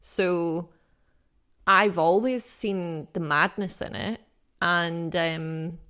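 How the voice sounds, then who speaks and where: Woman from Britain, lowish voice, co-hosting a podcast; reflective and casual, thinks aloud with fillers. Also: extremely slow, pushed and bright, clean tone. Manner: thoughtful, many fillers and restarts. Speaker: podcast co-host. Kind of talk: casual discussion.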